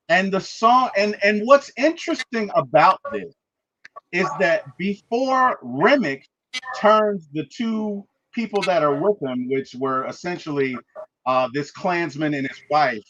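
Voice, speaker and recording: Animated man recapping a movie. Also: on the high side, muffled recording. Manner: animated storyteller, acts out quotes, frequent "right?". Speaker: movie review host.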